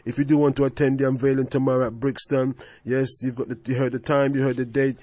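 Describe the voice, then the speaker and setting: A man's voice: medium pitch, little pitch movement, quick pace, dark tone, no echo. A man hosting a radio talk show, speaking emphatically and repeating his phrases for effect. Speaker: radio host. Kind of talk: casual radio chat.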